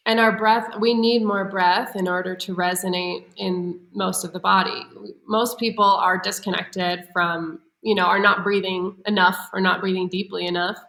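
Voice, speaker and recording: Bright-voiced woman coaching voice work. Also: mid-range voice, little pitch movement, moderate pace, few pauses, roomy sound, low-quality recording. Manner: explanatory, laughs easily. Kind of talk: podcast conversation.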